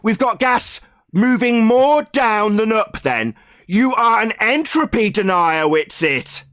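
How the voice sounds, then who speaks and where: A man with a very high voice argues in a heated online debate. He hurls insults and repeats his jeers. The sound is dry and close. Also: animated, slow pace, fairly bright tone, no room sound.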